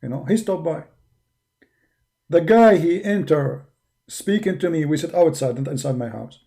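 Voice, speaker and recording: Arabic-accented man, gravelly and dark-toned, emphatic debater who mocks his opponents. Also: a little high, lively intonation, normal speed. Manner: combative, mocking, emphatic. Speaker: religious debater. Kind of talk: polemical monologue.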